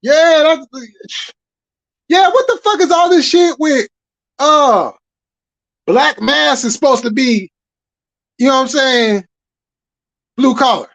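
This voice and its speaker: A man's voice: very high-pitched, animated, takes it slowly, vocal fry, long pauses, fairly bright tone, no room sound. Profane man hosting a livestream. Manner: profane, loose and rambling. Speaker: livestream host. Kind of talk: casual livestream chat.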